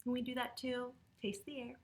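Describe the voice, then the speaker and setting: A woman reading a picture book aloud to children and leading yoga poses, speaking to them in an animated, playful way. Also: fairly high pitch, normal speed. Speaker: children's storyteller and yoga teacher.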